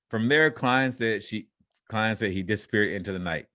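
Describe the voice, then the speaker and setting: Reading news items aloud for a casual podcast, a man with a low, sharp-toned voice keeps breaking off to crack jokes and laugh. He speaks fairly quickly, and the sound is close and dry, with no room behind it.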